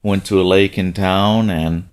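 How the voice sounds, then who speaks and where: A middle-aged man telling a casual story about taking his kids fishing, with a relaxed delivery that jumps up in pitch for quoted lines. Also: measured pace, clear, resonant tone. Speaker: father telling a family story.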